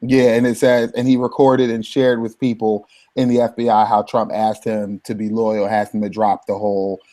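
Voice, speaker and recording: A man co-hosting a casual talk show, opinionated, pausing on ums. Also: on the low side, flat delivery, warm tone. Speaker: podcast co-host. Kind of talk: casual chat.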